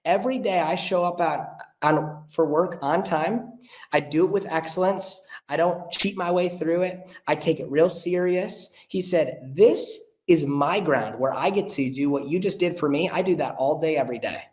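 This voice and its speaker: A young man, a podcast guest, telling a story in an earnest, animated way and acting out the voices of the people he quotes. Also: a little high, normal speed. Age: young adult. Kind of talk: casual storytelling chat. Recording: roomy echo.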